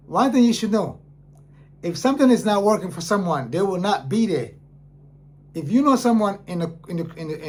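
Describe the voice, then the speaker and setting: A man, an independent artist, talking casually and earnestly to the camera, telling stories and repeating phrases for emphasis. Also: fairly high pitch. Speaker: independent artist, channel host.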